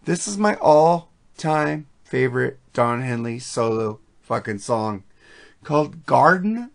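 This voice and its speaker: This podcast host is a man with a medium-pitched, creaky voice that swings widely in pitch, and he talks slowly. He rambles about songs in a casual, enthusiastic way, swearing as he goes.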